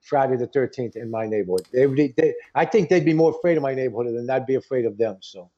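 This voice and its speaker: Dark husky man, rambling and jokey. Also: medium pitch, fast. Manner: rambling, jokey, repeats himself. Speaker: advice-giving show guest. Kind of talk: casual chat. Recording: dull lo-fi sound.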